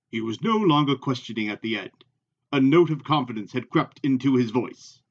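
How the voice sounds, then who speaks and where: A man reading a novel aloud in a measured, even way. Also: medium pitch, slightly rough, muffled recording. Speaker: reader.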